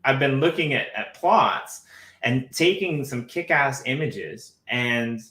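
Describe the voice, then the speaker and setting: Bright-voiced man in an echoey room. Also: mid-range voice, expressive, slow. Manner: rambling, repeats words, laughs often. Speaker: co-host. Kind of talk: casual live-stream chat.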